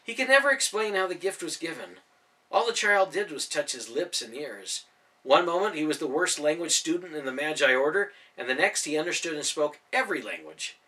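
A man's voice: a little high, big pitch swings, fairly quick, pushed and bright, far from the mic. A male storyteller animatedly reading a children's novel aloud, narrating each scene with expression.

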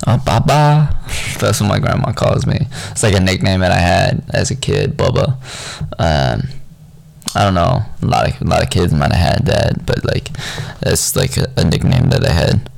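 A man's voice: sits low, lively intonation, normal speed, vocal fry, no echo, rough recording. A young man talking in a rambling, profane, unfiltered casual monologue.

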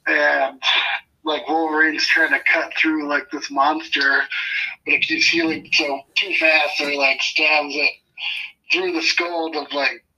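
Casting note: raspy, bright-voiced guy, rambling casual podcast talk, mic set back from him. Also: on the high side, level tone, a little slow, distant mic, low-quality recording. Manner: loose, peppered with "like" and swearing. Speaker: podcast co-host. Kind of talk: casual chat.

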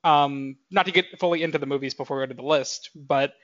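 A man in his twenties co-hosts a podcast in casual chat, his voice a bit high for a man and his pace fast. He rambles, restarts himself, and leans heavily on fillers. The audio is dry and slightly dull, with no echo or room sound.

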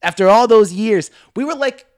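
A young man spins a story on a casual podcast, his pitch swinging widely and sitting a little high. He swears freely and giggles as he talks. The sound is dry and close. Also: moderate pace, no room sound. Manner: animated, swearing, giggling, mimics voices in stories. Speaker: podcast co-host.

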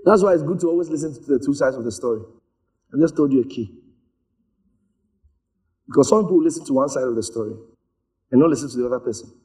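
A man preaching a sermon, telling stories in an animated way and slipping into voices for the people in them. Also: mid-range voice, fast talker, pauses often. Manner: animated storytelling, acts out voices.

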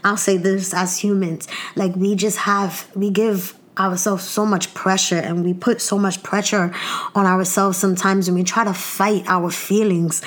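Candid New York woman, near tears. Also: medium pitch. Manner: candid, emotional, many fillers and restarts. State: close to tears. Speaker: podcast host. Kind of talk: personal monologue podcast.

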